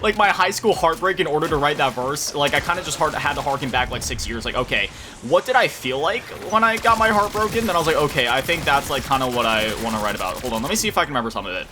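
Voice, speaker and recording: A man's voice: medium pitch, noisy background. A young man from Florida chatting casually and rambling as he commentates his gameplay, swearing now and then. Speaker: gaming commentator. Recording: music playing loudly under the voice. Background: game music and gunfire.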